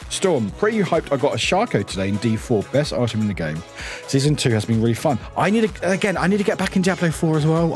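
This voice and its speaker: Chatty British streamer, young man, greets chat, bouncy intonation over faint music. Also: medium pitch. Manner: chatty, greets viewers, laughs often. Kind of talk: casual live-stream chat.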